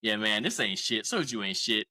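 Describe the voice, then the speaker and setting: A man voicing a big drunk buddy who brags that the liquor isn't working and gets louder each time. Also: lowish voice, animated, moderate pace, pitched below the performer's own voice. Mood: boastful. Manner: brash, shouting louder each round.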